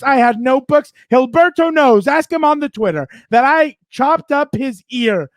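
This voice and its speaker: A man co-hosting a sports podcast, ranting in a worked-up way with loud, fast bursts. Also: very high voice, animated, no echo, clean studio sound. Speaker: podcast co-host. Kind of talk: fired-up sports rant.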